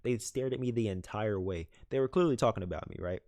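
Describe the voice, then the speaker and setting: A young man casually retelling a story for his vlog, animated, with many fillers. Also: fairly low pitch, fast, no room sound. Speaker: vlogger. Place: home room, dog nearby.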